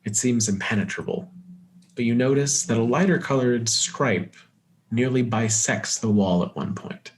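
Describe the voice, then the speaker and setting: A man narrating a tabletop game as game master, with measured description and quick asides. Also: medium pitch.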